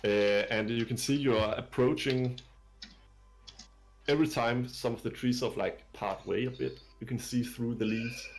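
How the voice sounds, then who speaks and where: A man's voice: mid-range voice, normal speed. A man narrating a tabletop game as dungeon master, describing scenes in a hesitant way full of fillers.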